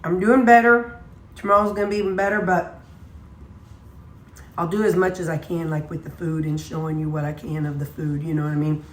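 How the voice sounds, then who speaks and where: A woman's voice: deep voice, fairly even intonation, fairly quick, pauses often, recorded from a distance, slight background noise. Chatty woman cooking in an echoey kitchen. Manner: chatty, folksy, talks while cooking. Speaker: weight-loss vlogger. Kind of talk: casual cooking vlog. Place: home kitchen. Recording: echoey kitchen with faint sizzling.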